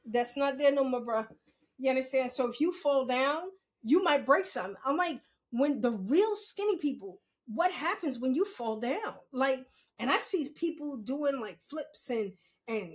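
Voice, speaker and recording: A young woman podcast host telling a story in a casual monologue, laughing often and swearing freely. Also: high-pitched.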